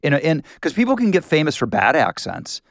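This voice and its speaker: A man's voice: on the high side, huge pitch swings, fairly quick, creaky, no echo, studio quality. A man hosting an interview, chatting casually and heaping on enthusiastic praise. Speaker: host.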